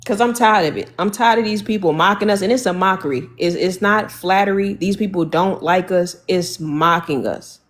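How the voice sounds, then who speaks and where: A woman's voice: medium pitch, normal speed, few pauses. A woman in casual livestream chat, talking bluntly and indignantly, often breaking into laughter.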